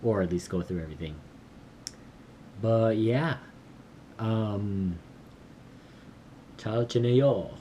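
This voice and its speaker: A man recording a casual study vlog, slowly sounding out and repeating words he is learning, with small self-deprecating laughs. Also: fairly low pitch, dark tone, slight background noise. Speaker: language learner vlogger.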